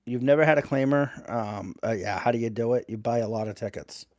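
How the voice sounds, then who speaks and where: A man's voice: medium pitch, a little fast, darkish tone, dry recording, clean studio sound. A man hosting a casual live stream, reading letters aloud and greeting chat viewers.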